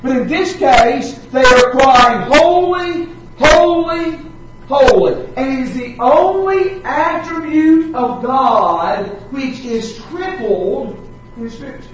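A man preaching a sermon, slowing down to stress repeated words with dramatic weight. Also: very high voice, lively intonation, fairly bright tone, slight background noise. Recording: echoey hall, distant mic, dull sound.

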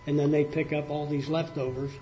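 Plainspoken older preacher, mellow muffled voice. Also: male voice, on the high side, level tone, fairly quick. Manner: conversational, plainspoken, with spoken fillers. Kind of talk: folksy sermon with storytelling. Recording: muffled lo-fi recording with faint hiss.

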